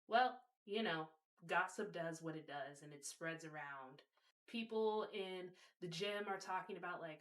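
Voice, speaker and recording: A woman's voice: fairly low pitch, unhurried. A woman hosting a video, casually explaining a topic and telling a story, speaking directly to her viewers. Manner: warm direct address to viewers.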